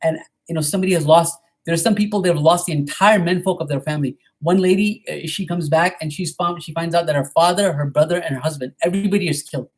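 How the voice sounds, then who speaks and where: A man giving a storytelling history lecture at a mosque, retelling events quickly and often checking in with "right?". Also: fairly high pitch.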